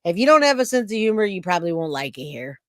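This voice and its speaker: A woman's voice: lowish voice, big pitch swings, quick pace, a bit bright, dry recording, studio quality. A woman in her forties hosting a live reaction stream, chatting and joking with her viewers. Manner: chatty, jokey, reads out chat comments. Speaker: livestream reaction host. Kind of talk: casual live-stream chat.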